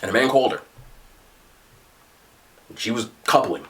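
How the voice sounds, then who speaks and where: A young man with a New Jersey accent, telling stories in casual chat as a podcast host. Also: a little slow. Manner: animated storyteller, excited jumps in pitch.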